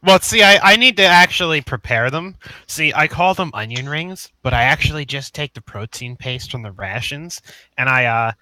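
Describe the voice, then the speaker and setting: A man's voice: on the high side, animated, normal speed, sharp tone, dry recording, low-quality recording. A young man playing a tabletop game, goofy and giggling as he describes his character's antics. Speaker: player. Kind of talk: casual tabletop role-play.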